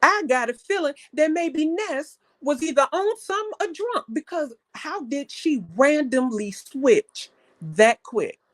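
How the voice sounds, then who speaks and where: A young woman with a fairly high voice hosts a live stream panel, chatting and telling stories in a loose, casual manner. Her voice sounds close and dry, with no room echo. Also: sing-song, slow pace. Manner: chatty, storytelling, defensive.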